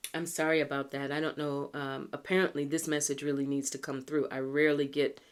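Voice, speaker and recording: A low-pitched American woman talks through a pick-a-card tarot reading. She is chatty and earnest and slows down whenever she reads a card aloud. She clears a tickly throat from time to time. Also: mellow. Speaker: tarot reader.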